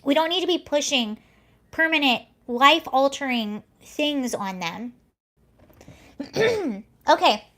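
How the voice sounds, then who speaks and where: A woman's voice: high voice, animated, slow pace, pauses often, a bit bright. A young woman hosting a casual livestream, talking in a chatty, rambling way and often correcting herself mid-sentence. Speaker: livestream host.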